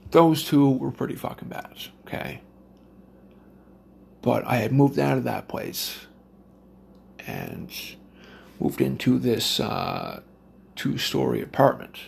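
A man recounts a story in a loose, profanity-laden ramble, circling back and restarting his sentences. His voice sits at an everyday pitch but carries a deep, crackly fry throughout. A faint hiss of noise sits under the recording. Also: a little mellow. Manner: heavy swearing, rambling with restarts. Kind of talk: casual storytelling.

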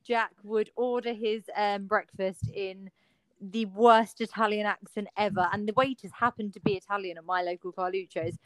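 A woman's voice: medium pitch, fairly even intonation, normal speed, no room sound, low-quality recording. A woman co-hosting a podcast over a video call, chatty and teasing in casual chat. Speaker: podcast co-host.

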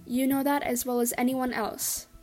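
A woman reading the part of a formal, steady man who runs a village ritual, giving measured directions. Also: high voice, lightly acted.

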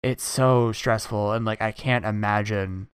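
A man's voice: on the low side, fairly even intonation, a little slow, clear, resonant tone, dry recording, clean studio sound. A young man hosting a podcast, telling stories casually and animatedly with many fillers. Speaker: podcast host. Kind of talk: casual chat.

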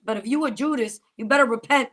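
Female pastor-type podcast co-host, high and bright, emphatic and preachy. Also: fast talker. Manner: emphatic, preacher-like exhortation with repetitions. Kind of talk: preachy faith talk.

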